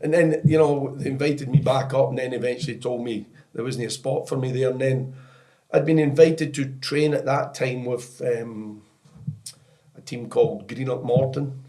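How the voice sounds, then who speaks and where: A middle-aged Scottish man with a medium-pitched, dark voice speaks at a moderate pace with fairly even intonation. As a guest on a soccer podcast, he rambles through anecdotes with lots of "you know" and restarts, often breaking into laughter during this storytelling interview.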